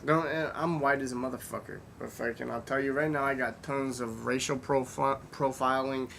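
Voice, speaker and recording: A man hosting a podcast, his mid-pitched voice carrying a gravelly fry as he tells blunt, profane stories. A faint rumble and some noise sit under the recording. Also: moderate pace. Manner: blunt, profane, animated storytelling. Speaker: podcast host. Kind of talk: casual podcast chat.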